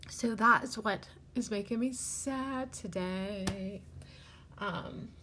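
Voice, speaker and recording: A woman talking alone on her podcast in a loose, meandering way, with "like" in almost every phrase. She sounds tearful and keeps herself from crying. Her voice sits at a middle pitch. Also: takes it slowly, sharp tone, a little hiss or hum. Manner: rambling, lots of "like" fillers, emotional. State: tearful, holding back crying. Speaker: podcast host. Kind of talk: casual solo podcast monologue.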